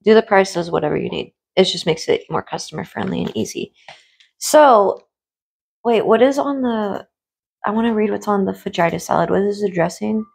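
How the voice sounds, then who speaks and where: A woman in a casual mukbang chat, eating and rambling in a hushed tone, full of fillers and the odd swear. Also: mid-range voice, moderate pace, gravelly, slightly rough. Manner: speaks in a hushed tone while eating. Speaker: food vlogger and streamer.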